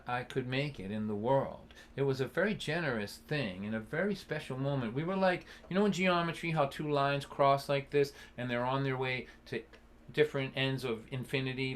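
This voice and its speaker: A man in his sixties telling a personal story at a concert, earnest and halting, with restarts and an occasional cough. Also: medium pitch, slight background noise. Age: 60s. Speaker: folk singer and storyteller.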